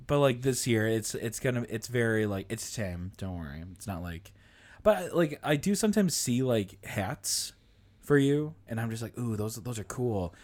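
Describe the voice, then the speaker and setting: A man's voice: medium pitch, lively intonation, normal speed, a little mellow. Laughing, rambling male podcast host. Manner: rambling storyteller, swears and laughs a lot. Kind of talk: casual podcast chat.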